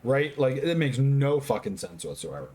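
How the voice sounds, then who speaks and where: A man who has been drinking reviews a film in loose, rambling talk. He swears constantly and gets excitable, with a voice of ordinary male pitch. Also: moderate pace. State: tipsy, drinking. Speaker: movie reviewer. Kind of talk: casual drunk movie review.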